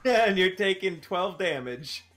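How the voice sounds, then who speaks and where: A man's voice: high-pitched, lively intonation, unhurried, fairly bright tone, soft background music. A man narrating a tabletop game as game master, playful and often laughing.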